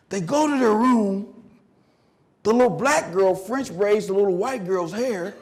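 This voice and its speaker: A middle-aged man giving a conference keynote, telling a story that swings from loud bursts to hushed lines. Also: sits high, lively intonation, unhurried. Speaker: motivational speaker. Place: conference hall.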